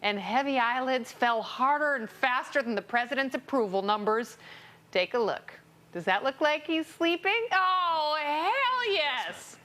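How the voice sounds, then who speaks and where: A woman's voice: sits high, expressive, unhurried, pushed and bright. A woman co-hosting a talk show, delivering news and comic segments in a sarcastic, jokey way. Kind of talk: snarky comedic segment hosting.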